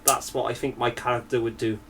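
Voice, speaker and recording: A man's voice: medium pitch, little pitch movement, brisk, fairly bright tone, distant mic, slight background noise. A young man in casual podcast banter, chatty, laughing often, at times reading a news story aloud. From Wales. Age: young adult. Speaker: podcast co-host.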